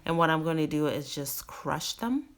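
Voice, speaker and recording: A woman's voice: sits low, expressive, moderate pace, soft background music. A woman hosting a cooking video, explaining each step of a recipe in an instructive way and stressing key words. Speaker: cooking channel host.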